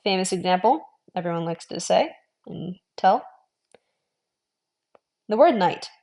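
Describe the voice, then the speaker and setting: Woman explaining pronunciation in a video lesson, says each sound slow and repeats it, chill encouraging tone. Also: mid-range voice, animated, a little mellow. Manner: models sounds slowly and repeats them; friendly, encouraging asides. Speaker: language teacher.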